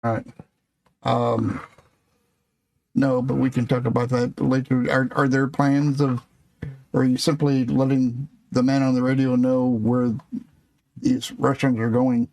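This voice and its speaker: A man's voice: mid-range voice, little pitch movement, a little slow, vocal fry, pauses often, a little mellow. A man playing in a tabletop game, asking the game master direct practical questions. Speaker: player. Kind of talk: tabletop role-play chat.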